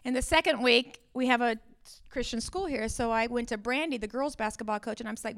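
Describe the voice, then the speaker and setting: A woman pastor in her fifties delivers a conference talk in a lively, storytelling way, acting out conversations and climbing toward near-shouting. Her voice sits high and bright, with a smooth, crisp clarity. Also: a little fast. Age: 50s. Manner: animated storytelling, rising to near-shouting in acted exchanges.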